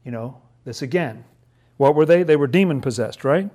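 A man's voice: on the high side, lively intonation, normal speed, dark tone. A man leading a casual Bible study, chatty and laughing often, who acts out the figures' lines in playful voices.

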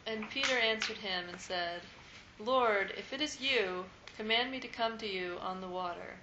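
A woman reading scripture aloud at a Bible study in a steady, measured way. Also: medium pitch. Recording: echoey room, muffled lo-fi sound, faint background noise.

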